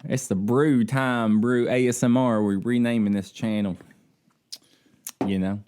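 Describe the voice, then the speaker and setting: On a podcast chat over drinks, the American co-host speaks from his Alaska home via video call in a clear, resonant, darkish mid-range voice, steady and unhurried. He's laid-back and joking, regularly trailing off with "I don't know."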